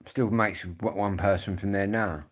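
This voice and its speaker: A man's voice: fairly low pitch, steady tone, a little slow. A man hosts a casual live stream and chats straight to his viewers. He rambles from one story to the next, swearing freely in a blokey, matter-of-fact way.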